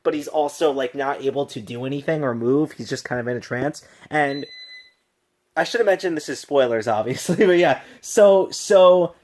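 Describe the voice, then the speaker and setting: A man's voice: medium pitch, normal speed, darkish tone. A tipsy man casually reviewing a film on his vlog, gushing and rambling with many restarts and laughs.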